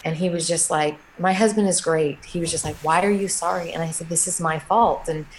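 A middle-aged woman, a guest in an interview, telling a personal story in a halting, emotional way with many restarts. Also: on the low side, steady tone, a little hiss or hum, low-quality recording.

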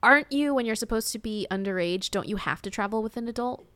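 A woman co-hosting a podcast, recapping a movie in casual chat, animated and swearing, laughing often. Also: fairly high pitch, fast talker. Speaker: podcast co-host.

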